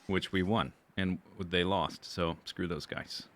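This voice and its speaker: A man's voice: low voice, steady tone, slow pace, fairly bright tone. A man streaming a survival game, chatting casually and rambling as he goes through his gear and plans. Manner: chatty, rambling, self-correcting. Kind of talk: casual gameplay commentary.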